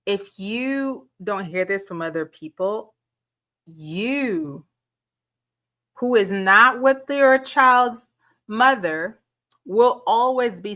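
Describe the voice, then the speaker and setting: Pushed and bright, this woman's mid-range voice carries her reaction commentary as a channel host. As she works toward her point, she repeats words and shoots out one incredulous rhetorical question after another.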